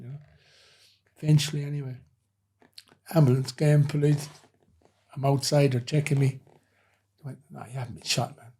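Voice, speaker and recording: Husky man telling stories. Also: a little high, dark tone. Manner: rambling anecdotal telling, frequent "you know". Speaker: former nightclub head doorman, guest. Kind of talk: casual interview storytelling.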